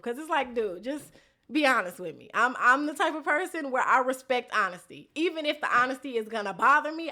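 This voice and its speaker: In a casual vlog, a young woman recaps a reality show episode, speaking bluntly with plenty of slang and swearing. Her voice is on the high side, pushed and bright.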